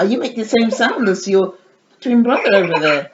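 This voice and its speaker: A woman vlogs a doll unboxing in a casual, chatty way, sometimes switching to sing-song baby talk with her dolls. Her mid-range voice moves at a moderate pace, and the dull, lo-fi audio has a steady noise clearly audible behind her.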